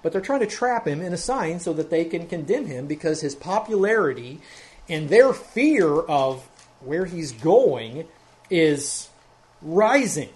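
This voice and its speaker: A man's voice: on the high side, big pitch swings, a little slow, a little mellow. A man preaching an expository sermon as pastor, working methodically through a Bible passage verse by verse and growing more emphatic as he goes.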